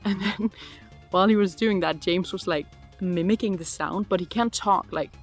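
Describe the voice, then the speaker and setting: Recorded on a phone with soft music underneath, this twenty-something vlogger chats and giggles through viewer questions, using "like" constantly. She speaks at a moderate pace in a lowish voice.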